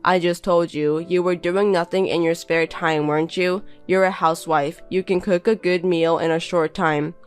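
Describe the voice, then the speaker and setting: Scornful bossy husband, woman reading it, low-ish voice, talks down to his wife. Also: steady tone, moderate pace, few pauses, clean tone, faint music behind, lightly acted. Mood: contemptuous. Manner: belittling, bossy and contemptuous. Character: scornful insulting young husband. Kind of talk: reading a text-message story.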